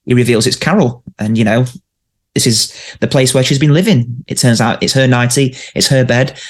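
A man of medium pitch chats eagerly as a podcast co-host. He laughs now and then between points. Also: normal speed. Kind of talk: casual chat.

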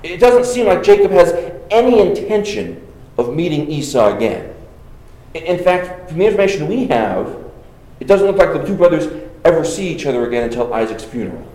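A man's voice: fairly high pitch, animated, moderate pace, mellow, reverberant, rough recording. A man giving an exegetical Bible lesson, reading passages aloud and then commenting with rhetorical questions and repeated phrases. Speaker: Bible teacher.

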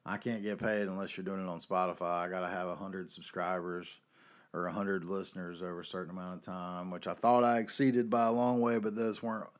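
Guy ranting on his podcast, lowish voice, cussing a lot, loud one sec and muttering the next. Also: flat delivery, fairly quick. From North Carolina. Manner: profane, ranting, swings between yelling and muttering. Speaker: podcast host. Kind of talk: casual ranting monologue.

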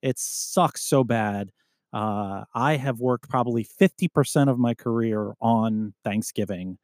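A man's voice: medium pitch, a little slow, a little mellow, dry recording, studio quality. A man, a first responder and podcast host, bantering casually and teasing his co-host.

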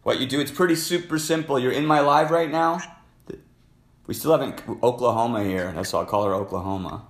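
A man's voice: medium pitch, fairly quick, roomy sound. A man hosting a casual live-stream call-in show, talking in a loose, rambling way. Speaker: host.

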